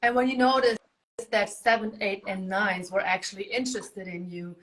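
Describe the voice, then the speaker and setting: A woman hosting a live stream with her husband, talking in an animated, emphatic way in casual chat. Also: medium pitch, moderate pace, rough recording. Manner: animated and emphatic, acts out her own reactions. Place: Germany.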